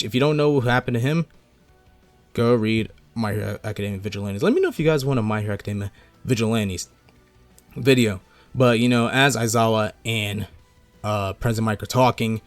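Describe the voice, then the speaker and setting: A man's voice: on the low side, no room sound. A young man hosting a casual manga chapter review, rambling and gushing, leaning on filler words. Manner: rambling, gushing, heavy on "you know" fillers. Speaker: manga reviewer, channel host.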